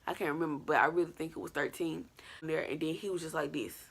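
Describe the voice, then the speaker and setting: Woman vlogger, slightly low voice, casual and animated, acts out her story. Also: fast, gravelly, slightly rough. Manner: animated, colloquial, acts out scenes. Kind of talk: storytime vlog.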